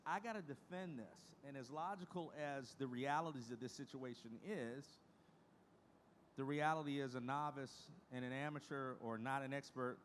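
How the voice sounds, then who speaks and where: A middle-aged man speaking to a conference room, his voice sitting a little higher than most men's. He talks in a folksy, emphatic way and hammers home points through repetition. A faint hum of room noise sits underneath. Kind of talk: conference presentation.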